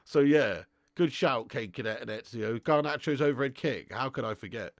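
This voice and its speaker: Young bloke, gravelly voice, casual football chat with viewers, dry close sound. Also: male voice, mid-range voice, moderate pace, no echo. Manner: chatty, laughs often, reads out viewer comments, swears freely. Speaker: football watch-along host. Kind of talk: live casual chat and match commentary.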